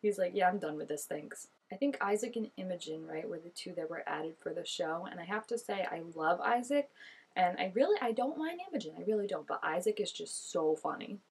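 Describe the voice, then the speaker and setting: Chatty husky-voiced young woman. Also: on the low side, expressive, a little fast. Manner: chatty and gushing, many "like" fillers, laughs often. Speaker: reaction video host. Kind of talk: casual reaction commentary.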